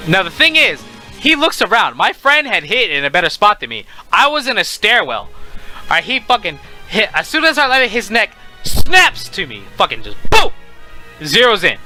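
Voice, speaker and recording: A young man telling a casual storytime, animated and profane, with faint music behind him. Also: high-pitched, moderate pace.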